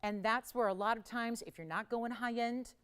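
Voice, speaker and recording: A woman hosting a live jewelry shopping show, pitching pieces with enthusiastic, emphatic selling and repeated phrases. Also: steady tone, normal speed, fairly bright tone, clear, resonant tone.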